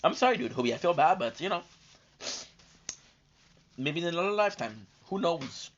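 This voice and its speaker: A man's voice: a little high, expressive, moderate pace, a little hiss or hum. Tired, rambling gaming streamer man. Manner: rambling, chatty, many fillers and restarts. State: tired and coming down with a cold. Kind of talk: casual live-stream chat. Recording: dull lo-fi stream audio.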